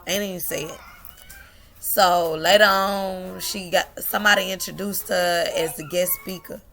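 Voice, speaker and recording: Gravelly, bright-voiced woman storyteller. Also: on the low side, steady tone, normal speed, slight background noise. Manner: emotional, laughing and tearful at times. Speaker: vlogger. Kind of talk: personal storytelling.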